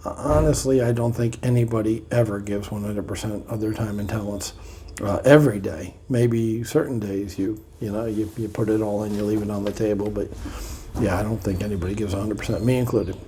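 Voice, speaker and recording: A man's voice: fairly low pitch, moderate pace, dark tone, a little hiss or hum. A man reading aloud from a self-help book and adding playful, sarcastic comments in a casual vlog.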